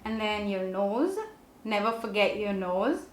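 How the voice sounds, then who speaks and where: A woman's voice: mid-range voice, measured pace, reverberant. A young woman vlogger chatting casually to her viewers while doing her makeup and telling a story. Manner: chatty, addresses viewers directly. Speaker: beauty vlogger.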